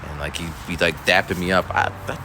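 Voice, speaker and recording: A man's voice: sits low, steady tone, fast talker, background noise. A male schoolteacher telling a story in a casual, rambling monologue, full of restarts and voiced quotes. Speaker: school teacher.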